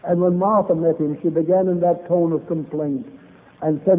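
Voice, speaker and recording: A man's voice: fairly high pitch, fairly even intonation, normal speed. A man preaching a revival sermon, opening with a prayer, in an old-fashioned preaching cadence with biblical phrasing. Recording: tinny phone-like old recording.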